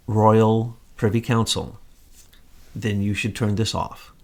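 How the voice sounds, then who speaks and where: A man's voice: medium pitch, vocal fry. A man hosting an online commentary show, talking casually and emphatically to viewers with rambling asides.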